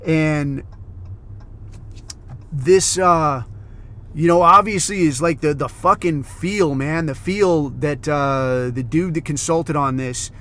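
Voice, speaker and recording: A man's voice: on the high side, takes it slowly, a bit bright. A man hosting a podcast, talking through a film review in a loose, rambling way, heavy on swearing and "like" and "dude.". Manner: rambling, heavily profane storytelling; loose, filler-heavy, says "like" and "dude" a lot. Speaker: podcast host. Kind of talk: casual monologue film review.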